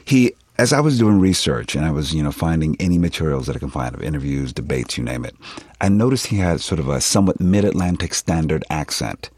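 A man in his fifties from Philadelphia speaks in a very low, slightly husky voice that swings widely in pitch as he tells stories. He sounds animated and expressive, a guest actor in an interview. The recording is dry and close. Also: brisk, no echo. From Philadelphia, USA. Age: 50s. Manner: animated, expressive storytelling with laughs. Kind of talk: conversational interview.

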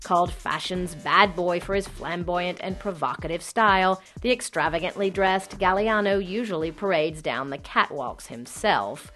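A woman correspondent files a scripted radio news report, her voice sitting a little low. She keeps the delivery measured and even, reading each line cleanly and without hurry. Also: over music. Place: on assignment abroad.

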